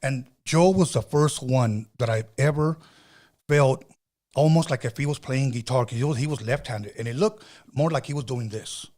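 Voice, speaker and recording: A middle-aged man hosting a podcast, telling stories in a loose, animated way with slang and cursing. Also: mid-range voice, normal speed. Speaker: podcast host. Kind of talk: casual storytelling chat.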